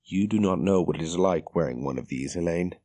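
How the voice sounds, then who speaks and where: A man's voice: sits low, fairly quick, mellow. A man voicing a frightened young woman who was held captive, her voice quivering, in an audiobook. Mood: hard. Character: frightened young woman, freed captive, shaky then fierce.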